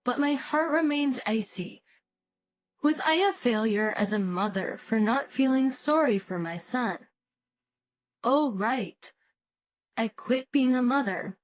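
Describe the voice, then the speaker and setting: A woman in her fifties narrating a first-person family story in a calm, matter-of-fact way. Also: on the high side, a little slow. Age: 50s. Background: faint background music.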